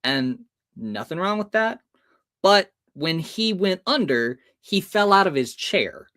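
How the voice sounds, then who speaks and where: A man's voice: high-pitched, slow pace, no echo, clean studio sound. A man telling a story as a guest in an interview, acting out the voices of the people in it. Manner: lively, acts out the voices in his stories.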